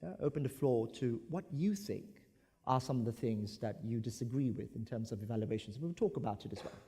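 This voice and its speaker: Animated man speaking in a hall. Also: mid-range voice, a little fast, slightly rough. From Brunei. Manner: animated, acts out examples. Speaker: conference speaker. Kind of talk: conference talk. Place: large conference hall. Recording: echoey conference hall.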